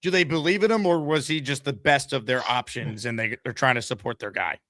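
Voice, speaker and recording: A man hosting a live call-in sports show, talking with fast, energetic enthusiasm and reading giveaway promos. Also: medium pitch, no room sound, clean studio sound. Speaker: sports talk show host.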